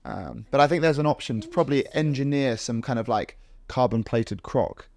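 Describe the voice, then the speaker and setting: Relaxed man hosting a podcast. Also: medium pitch, moderate pace, gravelly. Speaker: podcast host. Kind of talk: casual interview chat.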